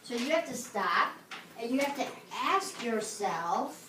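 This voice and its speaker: A woman's voice: a little high, sing-song, measured pace. A woman teaching a class, patiently asking her students questions and walking them through steps. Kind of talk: classroom lesson. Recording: echoey room, distant mic, noisy.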